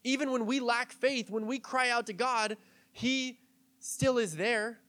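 A young man with a high, light voice preaching a casual sermon. He chats with his congregation, mixing stories and small jokes with easy fillers. His delivery stays relaxed and conversational. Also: a little slow. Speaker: pastor.

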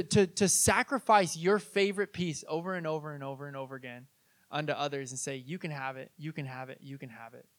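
A male pastor with a fairly high-pitched voice delivers a sermon in a church. He tells stories in a relaxed, conversational way and turns to the congregation with questions. His delivery is animated and engaging.

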